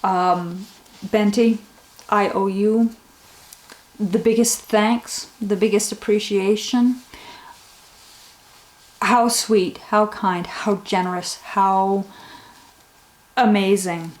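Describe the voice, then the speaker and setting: A woman's voice: mid-range voice, steady tone, slow pace, long pauses. Chatty woman podcast host, roomy sound. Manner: warm, rambling, gets emotional thanking viewers. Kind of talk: casual knitting podcast chat.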